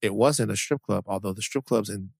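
Male podcast co-host: blunt, animated, stammery, swears casually, dry close mic. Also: on the low side, brisk, vocal fry, no echo.

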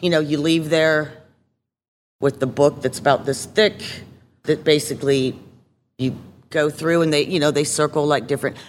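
A woman guest telling her own story in a casual interview, candid and halting, with many fillers and restarts. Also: sits low, in a large hall, a little hiss or hum.

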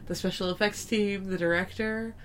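A woman's voice: medium pitch, steady tone, moderate pace, slight background noise. A woman co-hosting a podcast, chatting casually, laughing often and swearing freely. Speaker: podcast co-host. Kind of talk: casual chat.

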